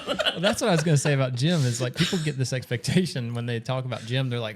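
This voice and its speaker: Man, podcast host, mid pitch, rambling casual talk. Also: quick pace. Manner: rambling, many fillers and restarts. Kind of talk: casual chat.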